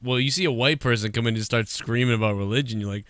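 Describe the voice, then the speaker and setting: A man's voice: medium pitch, quick pace, fairly bright tone, no room sound, clean studio sound. A man co-hosting a podcast, joking around with crude banter. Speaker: podcast co-host. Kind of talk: casual chat.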